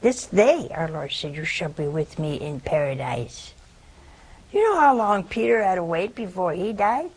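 A woman's voice: fairly low pitch, very animated, unhurried, a little mellow, husky, poor audio. A woman preaching a sermon, telling a story in a folksy way with asides to her viewers.

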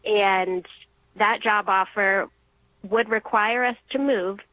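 A young woman calling in to share an emotional personal testimony, earnest and halting, restarting when moved. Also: mid-range voice, steady tone, bright, forceful tone, no echo. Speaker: caller. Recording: muffled phone line.

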